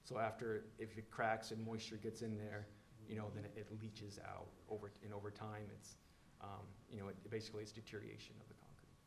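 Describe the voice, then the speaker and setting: A man's voice: lowish voice, monotone, fairly quick, vocal fry, reverberant, a little hiss or hum. A man presenting engineering plans at a public meeting, explaining in a loose, filler-heavy way.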